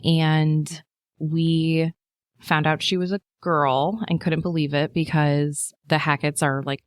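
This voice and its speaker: A woman in her thirties tells her story in a casual chat, her voice sitting low and the sound close and dry. She talks in a loose, animated way, full of fillers. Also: takes it slowly, no room sound. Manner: animated storyteller, acts out quotes in a high voice, many fillers. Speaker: podcast guest.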